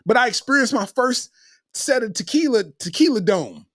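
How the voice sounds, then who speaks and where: A middle-aged comedian hosts a podcast and tells loose, slangy stories. His pitch swings up and down with lively energy. The sound is close and dry, with little room echo. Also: normal speed. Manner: animated, slangy, laughs between lines.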